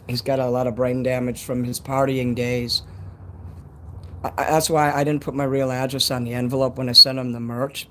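A man with a Chicago accent rambles through a casual live-stream chat outdoors at night. His pitch sits in the middle for a man, and he talks in a loose, chatty way that is full of swearing. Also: a bit bright, slight background noise. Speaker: livestreamer.

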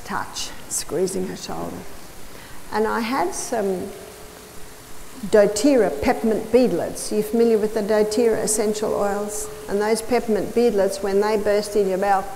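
A woman's voice: mid-range voice, warm tone. A woman giving a health lecture to an audience, explaining step by step and telling stories with emphatic repetition. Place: large hall or church. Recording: reverberant hall with faint noise.

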